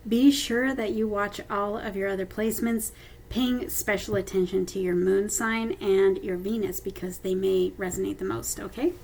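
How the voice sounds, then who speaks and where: A woman's voice: mid-range voice, steady tone, normal speed, vocal fry, darkish tone, a little hiss or hum, poor audio. A woman giving a casual intuitive card reading to camera, chatty and speaking straight to her viewers, often checking in with them. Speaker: tarot card reader.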